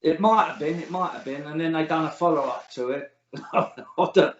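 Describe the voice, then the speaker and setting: A man's voice: a little high, moderate pace, a little hiss or hum. Blunt, sweary man in an echoey room. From England. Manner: blunt, sweary, scornful, laughs at his own stories. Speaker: interview guest, author. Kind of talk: casual interview chat. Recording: echoey room, dull lo-fi sound.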